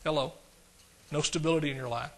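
Animated preaching man, fairly high voice. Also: fast. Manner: animated, swings from loud preaching to quiet asides; talks directly to the congregation, asks questions. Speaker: pastor. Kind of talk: sermon.

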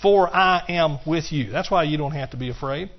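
A man's voice: fairly high pitch, moderate pace. A man preaching a sermon in a church, building up with cries of hallelujah. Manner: emphatic preaching, shouts of hallelujah. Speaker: pastor. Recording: muffled lo-fi sermon recording.

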